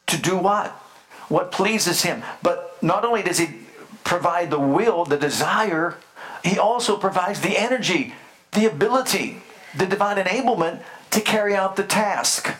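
An older man preaching a sermon, his voice sitting a little higher than most men's. He builds rhythmic runs of repeated phrases and draws the congregation in with call-and-response prompts. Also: expressive, unhurried, fairly bright tone. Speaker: pastor.

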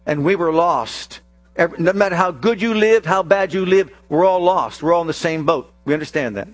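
A man preaching a sermon, acting out scripture scenes with slow emphasis and sudden rapid bursts. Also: a little high, no echo, faint music behind. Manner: dramatic, acts out quoted scripture voices, shifts between slow emphasis and rapid bursts.

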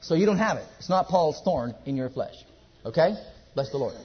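A man preaching a sermon at a church service. He repeats his exhortations emphatically and drops to a hush. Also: a little high, lively intonation, moderate pace, slightly rough, muffled recording.

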